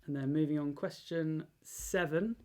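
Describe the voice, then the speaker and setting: A woman with a low voice co-hosts a relaxed quiz. She reads the answers in a deliberate, measured way. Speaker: quiz co-host. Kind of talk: casual quiz answer readout.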